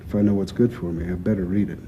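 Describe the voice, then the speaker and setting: An actor playing a gruff older male crime boss who talks bluntly, with profanity and dry teasing. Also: sits low, fairly even intonation, racing, muffled recording, very noisy, close to an everyday voice. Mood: bantering. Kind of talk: film drama acting.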